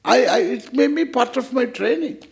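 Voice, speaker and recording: An older man leads a scripture class with a playful, teasing humor, acting out little exchanges as he goes. His voice is gravelly and pitched fairly high, swinging widely up and down. He sounds like a spiritual teacher at ease with his students. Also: animated, normal speed. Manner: playful, teasing, acts out quoted dialogue.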